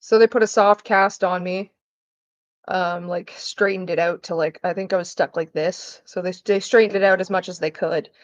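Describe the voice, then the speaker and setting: A vlogger cooks in her home kitchen and chats casually, telling stories, swearing without restraint and acting out whoever she's quoting. Her voice is fairly low with fairly even intonation, and she keeps a moderate pace. The audio is dull.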